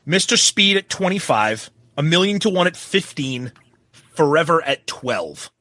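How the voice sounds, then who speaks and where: A man hosting a podcast, cracking jokes and reacting quickly in casual banter. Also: a little high, expressive, bright, forceful tone, no echo. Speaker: podcast host.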